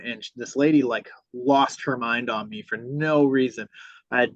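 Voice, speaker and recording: A man tells a story on a podcast, swearing freely and slipping into the voices of the people in it. His pitch sits in an ordinary middle range. The recording is dry with no room echo, and slightly dull and lo-fi. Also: normal speed. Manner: profane, re-enacts dialogue. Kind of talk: casual storytelling. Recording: dull lo-fi sound.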